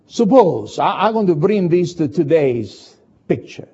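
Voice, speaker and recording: A man preaching in a high, lively voice that climbs and drops through a dramatic retelling. His tone is dark and husky, he speaks English as a with as his first, and he moves slowly, switching between loud and hushed passages. The sound is dull and lo-fi. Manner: slow, dramatic storytelling with sudden shifts between loud and hushed. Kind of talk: sermon. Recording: dull lo-fi recording.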